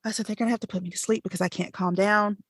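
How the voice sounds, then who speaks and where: A woman co-hosting a podcast, telling a story in an animated, chatty way with laughs and fillers. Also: medium pitch, rapid-fire, no echo, clean studio sound. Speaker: podcast co-host. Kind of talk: casual storytelling chat.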